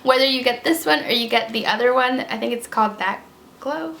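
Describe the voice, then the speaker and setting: A woman's voice: on the high side, fairly quick, a bit bright, slight background noise. A woman giving a casual, chatty product review with lots of fillers and emphatic repeats. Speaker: beauty vlogger. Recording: roomy echo.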